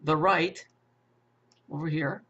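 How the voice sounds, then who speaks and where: Male commentator, fairly high-pitched, profane rambler who stammers and restarts, muffled lo-fi audio. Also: fairly even intonation, takes it slowly, sharp tone, husky. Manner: profane, repetitive, with stammered restarts and rhetorical questions. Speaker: conspiracy commentator. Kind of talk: rambling monologue.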